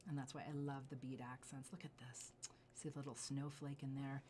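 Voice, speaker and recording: A woman's voice: a bass voice, little pitch movement, brisk, a little hiss or hum. Gushing, effusive woman showing off jewelry. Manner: gushing, effusive, drops to soft asides while showing pieces. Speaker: jewelry designer and seller. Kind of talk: enthusiastic product showcase.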